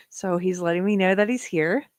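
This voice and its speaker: A woman's voice: lowish voice, a bit bright, dry recording, studio quality. A woman from the southern United States hosting a livestream, chatting casually, laughing often and talking to her dog. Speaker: livestream host. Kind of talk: casual livestream chat reading viewer comments.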